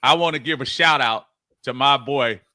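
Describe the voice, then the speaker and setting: A man co-hosting a casual sports talk show, joking and excitable, stumbling over his words. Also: medium pitch, normal speed, no echo. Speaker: co-host.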